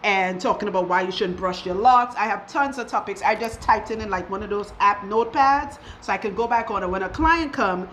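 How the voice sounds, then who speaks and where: A woman's voice: medium pitch, a little fast, hardly any pauses, a bit bright, slight background noise, rough recording. A woman hosting a casual story time chat, talking and laughing often while she oils a client's hair. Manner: chatty, laughs often while telling stories. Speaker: loctician and show host.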